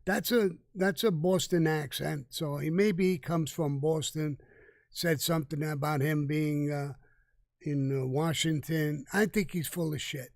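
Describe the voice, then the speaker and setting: An older man talks in a casual live Q&A. His voice sits a little high, and the mic picks him up dry and close. He is blunt and profane, stumbling and restarting as he goes. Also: fairly even intonation, measured pace, creaky, no room sound. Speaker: guest answering viewer questions.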